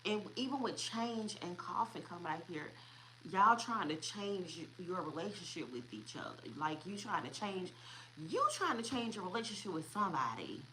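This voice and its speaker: Woman, tarot reader, chatty, repetitive, low-pitched, faint background hiss. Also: sing-song, normal speed, pushed and bright, rough recording. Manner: chatty, repeats herself, laughs often. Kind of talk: casual tarot reading.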